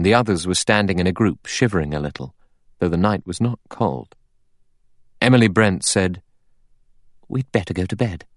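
A man narrating an audiobook in a measured, steady reading. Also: deep voice, no room sound, clean studio sound. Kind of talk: scripted narration.

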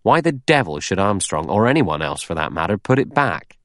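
A man's voice: deep voice, sing-song, moderate pace, no echo, clean studio sound. A man voicing a stolid, suspicious ex-policeman in an audiobook, blunt and plodding.

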